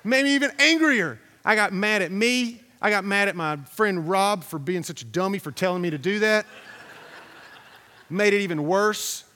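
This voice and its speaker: High-voiced pastor preaching in a reverberant hall. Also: male voice, moderate pace, sharp tone. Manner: conversational and storytelling, repeats phrases, asks the congregation questions. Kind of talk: sermon.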